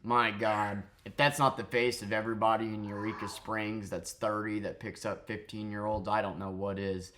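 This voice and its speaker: A man's voice: lowish voice, level tone, normal speed, hardly any pauses, a bit bright, a little hiss or hum. A man ranting angrily in a commentary vlog, profane and mocking. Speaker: commentary vlogger.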